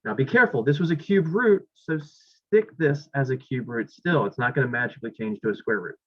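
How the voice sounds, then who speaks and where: Husky and brisk, with lively intonation and a mid-range pitch, a male math instructor works through board problems in a classroom lecture. He talks as he writes, thinks aloud and corrects himself, and the recording is dull lo-fi.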